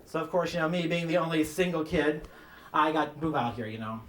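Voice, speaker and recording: A man doing a stand-up comedy set, telling campy stories about his mother and mimicking her in a shrill voice, with audience laughter behind him. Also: brisk, fairly bright tone. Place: comedy club stage. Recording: roomy club sound from some distance.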